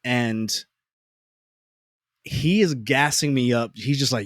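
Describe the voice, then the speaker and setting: A man in a relaxed podcast chat tells a story with lively, emphatic repeats and jokes at his own expense. His voice sits at an ordinary middle pitch for a man. The recording is dry and close, with no room echo. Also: measured pace, long pauses. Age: adult parent. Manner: animated, emphatic repetition; self-deprecating humor. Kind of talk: casual conversational storytelling.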